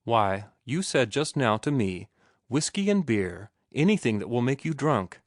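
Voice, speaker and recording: Man doing a prim young lady, precise and correcting, a bit higher, dry sound. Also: big pitch swings, measured pace, no echo. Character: refined young woman, patient and prim teacher.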